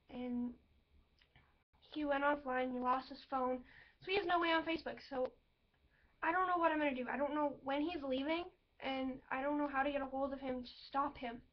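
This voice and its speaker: Young female vlogger, high pitched, emotional rambling confessional, dull low-fi recording. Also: steady tone, moderate pace. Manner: emotional, rambling storytelling with many fillers. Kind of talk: personal vlog talking to camera. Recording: dull lo-fi webcam audio.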